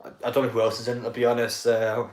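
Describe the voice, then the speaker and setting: A man talks loosely over a live football match on his stream, swearing, laughing and chatting to his viewers. His voice sits at an ordinary middle pitch. It is recorded on a desk mic in an echoey room. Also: completely flat delivery, fast. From North East England.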